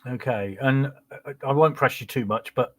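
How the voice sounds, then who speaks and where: A man hosting an interview, asking polite, gently probing questions. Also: medium pitch, normal speed. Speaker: interviewer host. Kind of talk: conversational interview.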